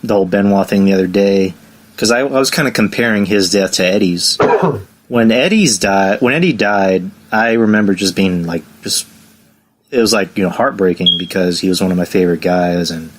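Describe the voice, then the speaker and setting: A man's voice: on the low side, lively intonation, a little fast. A man hosting a casual podcast, telling stories and acting out the voices of the people in them. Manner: storytelling, acts out quoted lines. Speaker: podcast host.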